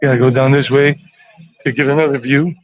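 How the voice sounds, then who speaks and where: A man's voice: mid-range voice, steady tone, fairly quick, dry recording, dull audio. An American man giving a rambling, chatty walking tour outdoors on city streets. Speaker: tour vlogger.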